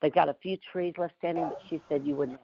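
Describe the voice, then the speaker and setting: A woman's voice: sits low, quick pace, vocal fry, no room sound, muffled recording. A woman from Louisiana with a Southern US accent, chatting animatedly on a group call and telling stories. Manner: chatty, animated storytelling with frequent laughs. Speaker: community call participant. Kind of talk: casual group call chat. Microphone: remote call audio.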